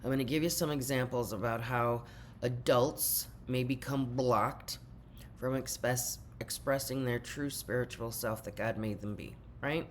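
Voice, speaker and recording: An older woman with a very deep voice speaks directly to her viewers in an earnest spiritual vlog talk. A faint hiss sits behind her. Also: fairly even intonation, unhurried. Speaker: spiritual teacher.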